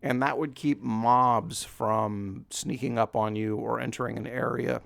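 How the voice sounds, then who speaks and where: A man's voice: medium pitch, steady tone, measured pace, vocal fry, no echo. A man with a scratchy voice giving casual, rambling gameplay commentary as a let's play host, chuckling at himself. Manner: rambling, self-deprecating, chuckles often.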